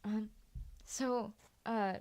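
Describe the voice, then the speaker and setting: A woman hosts a voice-acting workshop over a video call, talking casually with plenty of "like"s and "you know"s. Her voice is mellow and fairly flat in pitch. The sound is dry and close. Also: drawn-out words, no room sound. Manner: filler-heavy, "like" and "you know".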